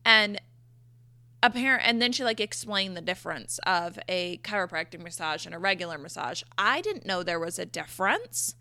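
A young woman telling a storytime rant to camera, exasperated and animated, with frequent swearing. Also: lowish voice, normal speed, no room sound.

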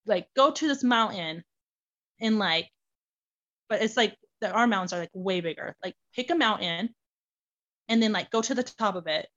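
A woman's voice: medium pitch, moderate pace, pauses often. Woman telling a personal story, lo-fi sound. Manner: animated, many fillers such as "like". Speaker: adoptee guest sharing her story.

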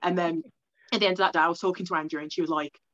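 A young woman from England tells her story at a rapid clip, stringing thoughts together with "like" and little acted-out quotes of herself. The sound is close and dry, with a slightly dull, lo-fi edge. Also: fairly low pitch, fairly even intonation, a bit bright, no echo. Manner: fast, rambling, lots of "like" and quoted self-talk. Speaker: guest. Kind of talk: casual storytelling interview.

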